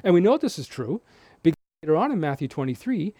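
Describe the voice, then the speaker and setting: A man's voice: on the high side, big pitch swings, quick pace, mellow, dry recording, studio quality. A man giving a conversational Bible teaching, explaining scripture with frequent restarts. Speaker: preacher.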